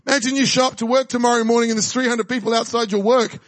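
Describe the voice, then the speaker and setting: A man's voice: extremely high pitch, fairly even intonation, fast, no room sound. A man from New preaching a charismatic sermon, exhorting the crowd and praying in tongues during the altar call. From New Zealand. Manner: fervent, exhorting, speaks in tongues. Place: church service with music behind.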